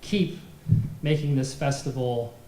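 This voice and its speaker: A man's voice: medium pitch, a little slow, reverberant, very noisy. A man emceeing a film festival awards dinner, presenting the prizes with light jokes and easy laughs. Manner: light joking, laughs between lines. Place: dinner event hall.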